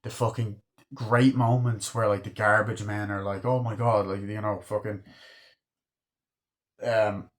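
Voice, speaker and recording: Profane, excitable man reviewing a movie. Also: on the low side, a little slow, pauses often. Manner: excitable, swears a lot, acts out movie lines. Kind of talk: casual film review monologue.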